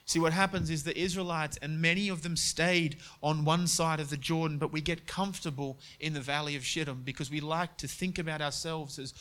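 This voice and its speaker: A man preaching a sermon in a conversational way, dropping to soft, quiet tones when he speaks God's words. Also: a little high, fairly even intonation, fairly quick, hardly any pauses. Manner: conversational preaching, quotes God and Joshua, drops to soft tones.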